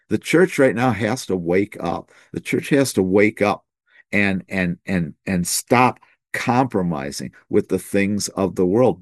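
A man's voice: on the low side, darkish tone, no echo. A man preaching a sermon that teaches through scripture. He often stops and repeats words as he builds toward each point.

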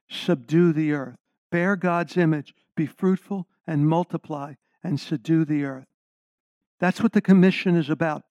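A man's voice: fairly high pitch, a little mellow, no room sound. Emphatic male preacher, slightly dull audio. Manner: emphatic, stresses key words, asks the congregation questions. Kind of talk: sermon.

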